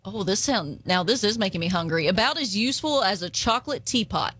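A woman's voice: mid-range voice, expressive, a little fast, a bit bright, slightly rough, no room sound. A woman with an Appalachian accent co-hosting a casual podcast chat, giggling often as she reads out phrases. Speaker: podcast co-host.

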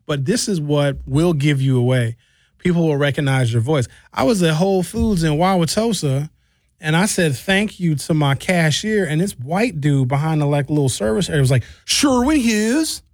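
Man, talk-show host, slightly high voice, outspoken, animated, dry close studio sound. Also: normal speed, no room sound. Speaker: radio and podcast host. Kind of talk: opinionated talk-show banter.

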